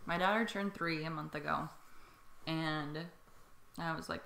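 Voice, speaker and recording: A woman's voice: low voice, fairly even intonation, a little slow, vocal fry, pauses often, a bit bright, slight background noise. A young woman co-hosting a podcast, chatting casually and jokily acting out her family's lines. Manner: jokey, acts out family quotes. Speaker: podcast co-host. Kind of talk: casual chat. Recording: roomy echo.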